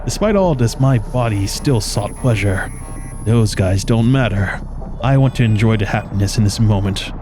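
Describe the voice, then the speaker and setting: A man's voice: fairly low pitch, lively intonation, moderate pace, background noise. A man streaming a video game, reading its story text aloud dramatically and dropping wry asides between passages. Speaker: gaming streamer. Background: game music.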